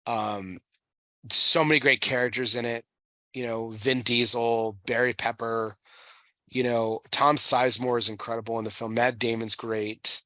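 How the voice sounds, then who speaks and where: A man in his thirties, a podcast host, chatting emotionally with halting restarts and casual swearing. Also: medium pitch, steady tone, sharp tone, no echo. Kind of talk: casual chat.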